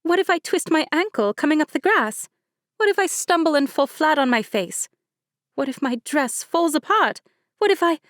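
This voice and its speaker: A fidgety young bride, as a woman narrator puts her on, demanding and high-strung, her voice climbing well above the reader's own. The read is loud and pushy, recorded dry and close with no room around it. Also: sing-song, moderate pace, no room sound. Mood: anxious.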